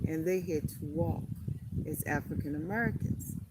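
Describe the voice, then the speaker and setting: A woman, rambling slowly and repeating herself as she talks to her live stream from a beach. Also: low-pitched. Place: outdoors at a beach. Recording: loud outdoor noise behind phone mic.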